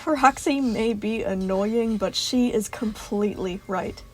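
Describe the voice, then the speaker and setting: A woman's voice: mid-range voice, measured pace, a little mellow, slight background noise, natural voice. Woman voicing a sneering cruel tormentor. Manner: sneering, scolding, contemptuous. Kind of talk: fan audiobook reading.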